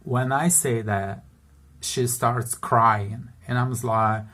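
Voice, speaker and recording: A man's voice: medium pitch, steady tone, slow, fairly bright tone. Chatty middle-aged man telling travel stories. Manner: chatty, keeps checking in with the listener, laughs between points. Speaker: international salesman sharing travel stories. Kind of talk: casual storytelling monologue.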